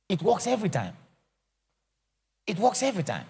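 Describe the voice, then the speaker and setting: Animated preacher, gravelly voice. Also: male voice, high voice, a little fast, long pauses. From Africa. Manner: animated, theatrical, acts out scenes and jokes. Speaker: apostle teaching a church session. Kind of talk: lively teaching sermon.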